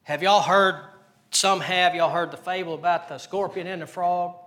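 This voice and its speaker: A man's voice: sits high, steady tone, normal speed, sharp tone. A man preaching a sermon, earnest and repetitive, asking the congregation questions. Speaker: pastor.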